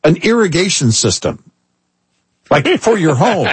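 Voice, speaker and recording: A middle-aged male radio co-host with a husky, mid-pitched voice, recorded close and dry. He tells everyday stories with wry, animated emphasis. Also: moderate pace, dry recording. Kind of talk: casual on-air talk.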